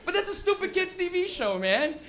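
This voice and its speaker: A man's voice: very high voice, big pitch swings, fairly quick, crowd noise. A young man doing live stand-up comedy on a club stage, rowdy and profane, acting out everyday scenes in silly voices.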